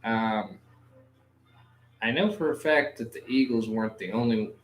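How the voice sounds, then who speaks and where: A man's voice: mid-range voice, a little slow, faint music behind. A man co-hosting a podcast in casual chat, telling stories with crude humor and acting out his own reactions. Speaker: podcast co-host. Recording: echoey room.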